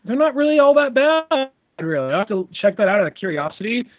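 A man's voice: extremely high pitch, big pitch swings, fast, phone-quality sound, faint music behind. A man co-hosting a podcast over a video call, rambling casually and swearing freely. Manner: rambling and profane. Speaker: podcast co-host. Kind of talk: casual chat.

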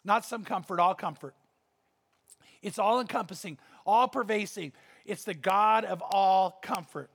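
A man's voice: high-pitched, measured pace, a bit bright, husky. A male pastor preaching a sermon in an earnest, conversational manner with emphatic repetition.

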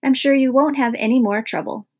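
A woman doing a brisk, matter-of-fact older lady. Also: sits high, steady tone, darkish tone, husky, pitched above the performer's own voice.

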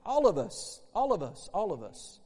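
A man's voice: high voice, huge pitch swings, normal speed, a little mellow, some chatter behind. A man preaching a sermon in a church, emphatic and repetitive, acting out bursts of laughter. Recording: long hall reverb in a church.

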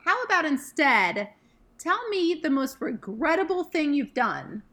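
A woman hosting a casual quick-fire question game with friends, brisk and playful as she reads out each question. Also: sits high, sing-song, bright, forceful tone.

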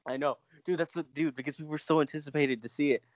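Excitable rambling young man. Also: on the high side, fast, dull audio, a crowd in the background. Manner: excitable, rambling, heavy filler words. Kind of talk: casual chat.

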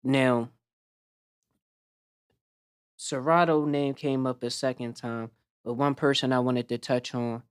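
A man hosting a podcast, asking drawn-out, measured questions. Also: mid-range voice, steady tone, clear, resonant tone, no room sound, clean studio sound. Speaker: podcast host. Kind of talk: interview questions.

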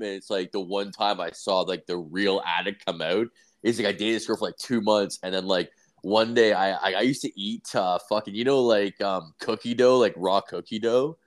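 A man's voice: fairly low pitch, steady tone, normal speed. A young man in casual chat, telling stories in a rambling, profane way, full of fillers.

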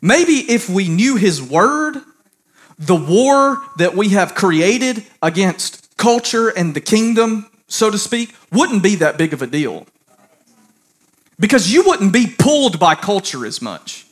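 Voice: medium pitch, very animated, slow. A pastor delivering a sermon, telling a story to the congregation and building into fervent preaching.

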